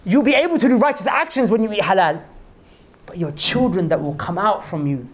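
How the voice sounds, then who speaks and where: Animated male preacher telling a story. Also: high voice, fast talker. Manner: animated storyteller, addresses audience as brothers. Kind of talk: storytelling sermon. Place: mosque hall before an audience.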